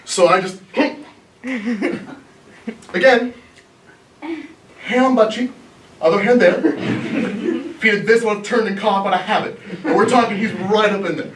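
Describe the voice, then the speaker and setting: In a small black box theater, a young Missouri man, an improv performer from the US, laughs his way through a comedic story onstage. His voice sits high and a bit bright, a little slow with long pauses, recorded from far off in the echoey room with slight background noise.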